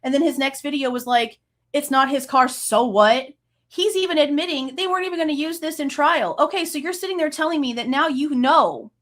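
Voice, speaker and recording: A woman in her late thirties who hosts a true crime channel delivers an angry reaction rant, heated, profane and exasperated. Her voice is high and brisk.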